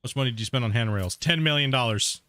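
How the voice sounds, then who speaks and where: Chatty gamer dude. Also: male voice, mid-range voice, quick pace, a bit bright, no room sound. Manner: chatty, rambling, laughs often, says "dude". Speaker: gaming streamer. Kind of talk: casual let's-play commentary.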